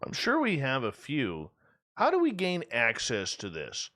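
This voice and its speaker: A male radio host asks his questions in a playful, joking way, his pitch swinging up and down. The sound is dry and close, with no room in it. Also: huge pitch swings, unhurried, sharp tone, no room sound. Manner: playful, self-deprecating questions. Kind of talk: casual interview questions.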